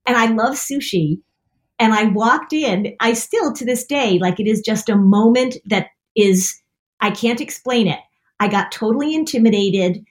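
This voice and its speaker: A woman's voice: a little high, animated, normal speed. Middle-aged woman co-host, self-deprecating storyteller, laughs easily. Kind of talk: casual chat, storytelling.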